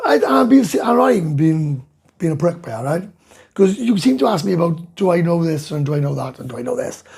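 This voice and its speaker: This livestream host, a middle-aged Welsh man, reads chat comments aloud and fires back bluntly, swearing and ranting through a casual live session. His voice is a little high, a little mellow, and very husky and gravelly.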